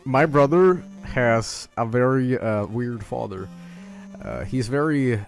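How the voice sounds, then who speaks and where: A man's voice: mid-range voice, animated, vocal fry, faint music behind. Rambling man telling stories. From Sweden. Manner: rambling, halting, laughing and swearing. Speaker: streamer. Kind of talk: casual storytelling on a stream.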